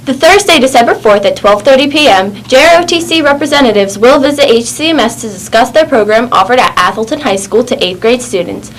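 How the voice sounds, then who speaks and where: A fairly high-voiced woman reads school announcements clearly and brightly. A faint hiss runs underneath. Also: lively intonation, fairly quick, hardly any pauses, rough recording. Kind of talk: reading morning announcements.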